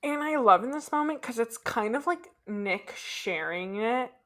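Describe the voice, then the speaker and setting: A woman co-hosts a podcast in easygoing chat. She gushes with enthusiasm and chimes in with quick yeses and agreement. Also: a little high, animated, a bit bright. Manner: enthusiastic, gushing, quick affirmations. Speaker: podcast co-host. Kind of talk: casual recap chat.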